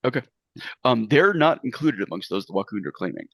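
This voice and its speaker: A man's voice: on the low side, very animated, fairly quick, creaky, fairly bright tone, slightly rough, no echo. A man narrating a tabletop game as game master, in a loose style with many fillers.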